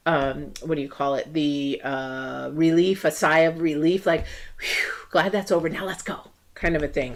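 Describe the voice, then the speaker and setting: Low-pitched female astrology reader, loose and chatty livestream delivery. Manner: rambling, many ums and restarts; acts out quoted voices in story asides. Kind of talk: casual livestream talk.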